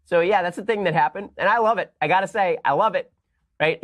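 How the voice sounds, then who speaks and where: Male host, sarcastic political commentary, quick mocking delivery, a bit high-pitched. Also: a bit bright. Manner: fast, mocking, bursts of laughter.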